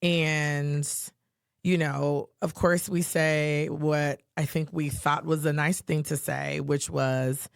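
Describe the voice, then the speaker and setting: A podcast co-host telling a personal story in a lively way, acting out the quoted lines. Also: mid-range voice, takes it slowly, creaky, smooth, no echo, clean studio sound. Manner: animated storyteller who acts out quotes, with many fillers.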